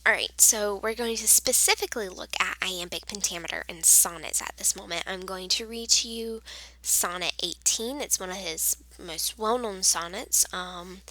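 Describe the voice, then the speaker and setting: A woman's voice: mid-range voice, no echo, low-quality recording. Woman teacher in whispered role-play. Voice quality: soft whisper mixed with quiet voice. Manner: patient, explains slowly with frequent fillers.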